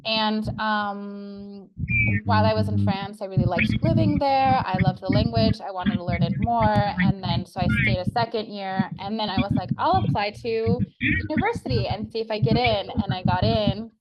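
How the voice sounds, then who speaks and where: A woman's voice: mid-range voice, normal speed, highs cut off, over a noisy crowd. A young woman whose first language is Spanish, talking casually as an interview guest over a video call, with frequent filler sounds and restarts. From United States.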